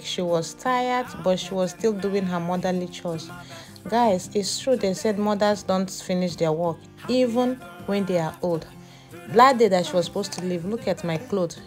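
A woman's voice: lowish voice, darkish tone. A woman narrating a casual family vlog, chatty and tired, often calling her viewers guys. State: tired, exhausted. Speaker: family vlogger.

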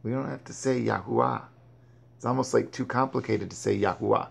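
A Bible teacher reads scripture aloud in a brisk, gravelly, mid-range voice, breaking off to explain and exhort. He often stumbles over his words and restarts them.

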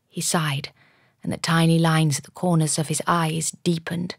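A woman narrating an audiobook in the first person, measured and storytelling, recorded on a studio microphone. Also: sits low, vocal fry, husky, no room sound. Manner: measured storytelling with lively character dialogue.

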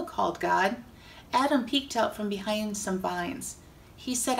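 A woman Sunday school teacher narrates a Bible story for children in a gentle storytelling manner. Her voice has a slight gravel to it. She is recorded a little away from the mic. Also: mid-range voice, measured pace, far from the mic, a little hiss or hum, poor audio.

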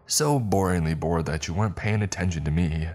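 A man's voice: sits low, brisk, darkish tone. A man voicing a giggling psychopathic teen girl. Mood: taunting. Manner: taunting, giggling, sing-song menace. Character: gleeful psychopathic teenage girl, cruel and mocking.

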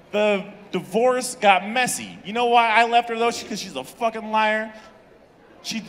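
A young man doing a crude stand-up set in a comedy club, animated and laughing at his own jokes. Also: high voice, a little hiss or hum. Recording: reverberant club from the room.

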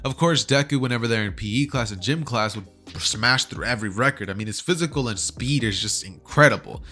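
A man's voice: mid-range voice, brisk, pushed and bright, soft background music. A man casually telling a fan story, chatty and slangy, often checking in with his listeners. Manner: chatty, slangy, keeps asking "right?". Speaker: YouTuber.

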